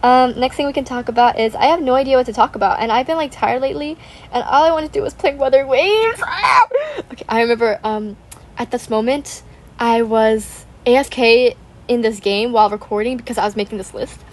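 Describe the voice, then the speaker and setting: A woman's voice: a little high, fairly quick, darkish tone. Chatty young woman rambling over gameplay. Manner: rambling, says "like" constantly, giggly, apologetic. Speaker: gaming channel host. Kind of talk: casual chat.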